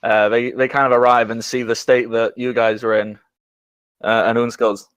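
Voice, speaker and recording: A man runs a tabletop game as game master and narrates in a mid-pitched, halting voice full of fillers. The recording is close and dry with no room echo. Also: flat delivery, fairly bright tone, clear, resonant tone.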